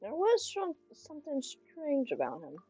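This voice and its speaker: A young woman streaming and reacting to a game, laughing, loud and swearing in casual commentary. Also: sits high, wildly swooping pitch, unhurried, lo-fi sound, over music.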